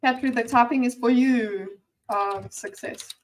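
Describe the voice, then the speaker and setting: A woman's voice: a little high, measured pace. Chatty woman reacting to a video. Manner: chatty and animated, stammers and restarts, sometimes drops to a near-whisper. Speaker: commentator reacting to a discussion video. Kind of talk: casual reaction commentary.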